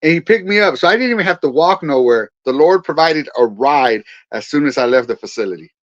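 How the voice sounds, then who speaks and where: Man from California's Central Valley, pastor guest, lively storyteller, slightly high voice, dull dry sound. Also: a little fast, no echo. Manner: animated storyteller acting out quoted dialogue. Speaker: guest, pastor and Marine veteran. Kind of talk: personal testimony in a podcast interview. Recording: dull, dry podcast audio.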